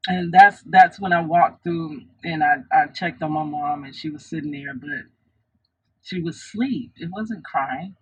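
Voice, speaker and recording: Husky woman telling a personal story. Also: sits low, a little slow, poor audio. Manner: earnest, reflective retelling with many restarts. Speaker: storytime vlogger.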